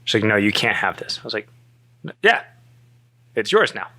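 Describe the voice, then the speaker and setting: Storytelling man, low bright voice, animated, jumps into quoted voices, laughs a lot. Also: fast talker. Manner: animated, acts out quoted dialogue, laughs often. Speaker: storyteller guest. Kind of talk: casual storytelling chat.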